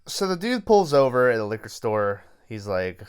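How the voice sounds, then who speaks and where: A man's voice: medium pitch, sing-song, moderate pace, clear, resonant tone. A man hosting a podcast, lying on his bed at home as he retells a movie's plot in a loose, profane, casual way. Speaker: podcast host.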